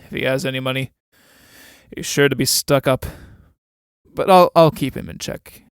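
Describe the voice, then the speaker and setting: A sour middle-aged army captain sneers and grumbles in a smooth voice, read by a man. The delivery is dry and mocking, as in a stage-play reading, recorded close with no room echo. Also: medium pitch, steady tone, normal speed, close to an everyday voice. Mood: grumbling.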